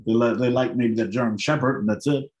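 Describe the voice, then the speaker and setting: A middle-aged man telling his own story to an audience in an animated way, acting out his past thoughts. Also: mid-range voice, fairly quick. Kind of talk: personal storytelling talk to an audience. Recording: roomy hall sound.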